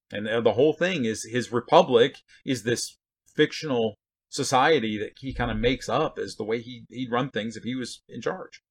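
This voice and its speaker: A man of ordinary pitch teaches scripture in a loose, conversational way. He is blunt and folksy, often asking rhetorical questions and checking in with his listeners as he explains. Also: a bit bright, husky. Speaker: Bible teacher.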